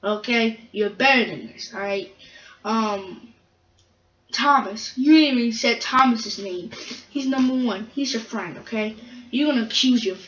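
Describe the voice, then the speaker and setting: A woman's voice: a little high, measured pace, a bit bright, echoey room, distant mic, muffled recording. A woman voicing a stern male steam engine who lectures his friend in a fan-made toy train story, with repeated questions. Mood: lecturing.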